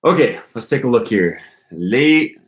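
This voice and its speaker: A man's voice: mid-range voice, expressive, unhurried. A young man on a casual live-stream study session, thinking aloud and repeating pronunciations as he works through his notes. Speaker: language-learning streamer.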